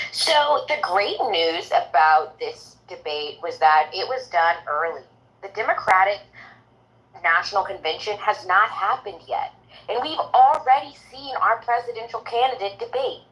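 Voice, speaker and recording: A woman's voice: medium pitch, lively intonation, measured pace, a bit bright, low-quality recording. A woman giving an emphatic, upbeat political pep talk in an audio chat room, rallying the listeners.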